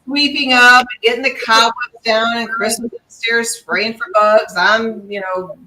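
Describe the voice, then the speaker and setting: Bright-voiced chatty woman. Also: on the high side, steady tone, unhurried, rough recording. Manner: chatty, laughs between phrases. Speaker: guest paranormal investigator. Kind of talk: casual podcast chat.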